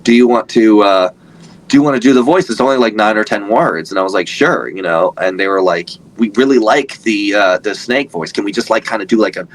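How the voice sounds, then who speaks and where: A man's voice: fairly low pitch, a bit bright, slight background noise, poor audio. A man in his thirties, a voice actor guest, chatting casually in an interview, rambling with lots of fillers and restarts.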